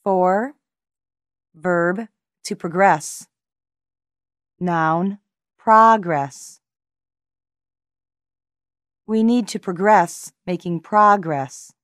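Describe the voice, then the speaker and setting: A woman reads a language lesson aloud at a very slow, deliberate pace, enunciating every word carefully. Her voice sits a little low, and the recording is close and dry, with no room sound. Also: dry recording. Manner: measured, carefully enunciated, pausing between words. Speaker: language teacher reading examples.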